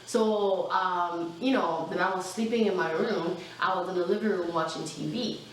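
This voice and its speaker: A young adult woman telling a personal storytime in a casual, animated way, full of fillers and asides. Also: on the low side, moderate pace, distant mic, a little hiss or hum. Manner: chatty, animated, lots of fillers. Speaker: vlogger. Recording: very echoey room, mic set back.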